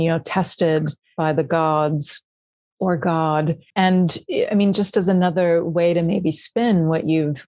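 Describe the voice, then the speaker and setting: A woman with a lowish, mellow voice, reflecting slowly on mythic images in a casual conversation. She talks in a halting way, restarting her sentences as she gathers her thoughts. The recording is close and dry. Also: no echo. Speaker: astrology podcast co-host.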